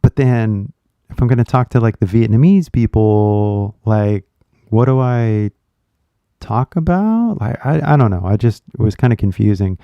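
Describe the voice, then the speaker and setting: Gravelly Californian man chatting casually. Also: lowish voice, measured pace, no echo, lo-fi sound. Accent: Californian American. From California, USA. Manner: rambling, animated, talks directly to viewers. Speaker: English teacher and channel host. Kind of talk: casual chat.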